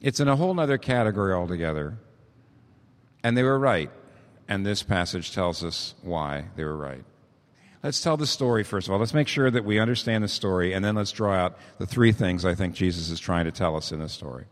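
Male pastor, sermon, emphatic cadence, animated pitch, long hall reverb. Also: brisk. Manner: emphatic, lively preaching cadence.

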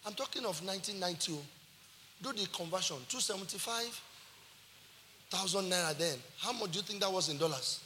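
A Nigerian man preaching a sermon as pastor, animated, dropping into Yoruba phrases and shouting for emphasis. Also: high-pitched, brisk, a little hiss or hum.

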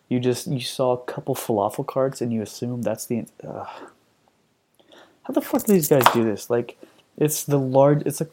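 Profane ranting podcast host, mellow voice. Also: male voice, mid-range voice, a little hiss or hum. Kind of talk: comedic ranting commentary.

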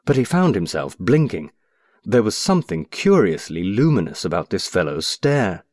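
A man with a very low voice narrates an audiobook in an expressive, measured way. His pitch moves in a lively way through the sentences. The recording is close and dry. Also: dry recording.

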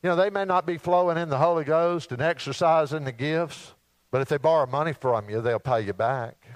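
A man preaching a sermon in a folksy, animated storytelling way, acting out asides and mimicking sounds. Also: on the high side, fairly quick, no room sound, poor audio. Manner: mimics alarm beeps and announcements.

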